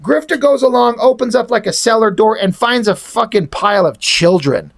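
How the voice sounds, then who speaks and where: A man's voice: sits high, animated, moderate pace, creaky. A man giving a casual, rambling comic review, with profanity and strong opinions about the artwork.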